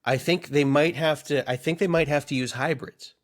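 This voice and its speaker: A man's voice: a little high, fairly even intonation, normal speed. Man riffing in mock-earnest comedy chat. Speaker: podcast co-host.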